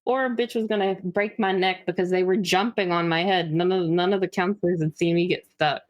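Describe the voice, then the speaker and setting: A woman's voice: fairly low pitch, fairly even intonation, brisk, dry recording, muffled recording. A woman streamer chatting casually with a co-host, laughing a lot and swearing freely. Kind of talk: casual chat.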